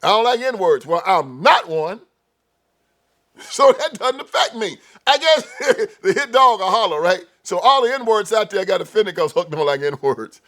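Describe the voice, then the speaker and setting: A man hosting his own show, delivering an opinion commentary monologue that swings between loud outbursts and low mutters, with frequent laughter. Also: very animated, a little slow. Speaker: show host.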